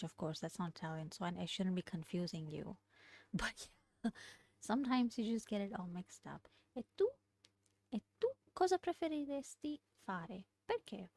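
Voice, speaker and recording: A woman studying a language aloud, thinking out loud, hesitating and correcting herself as she works through exercises. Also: medium pitch, dry recording. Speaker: language learner streaming study session. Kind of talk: casual study-along lesson.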